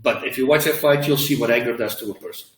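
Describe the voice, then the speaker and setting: A man who is a former fighter, answering interview questions in an emphatic, animated way and acting out quotes as he tells stories. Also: mid-range voice, quick pace, echoey room, far from the mic, poor audio.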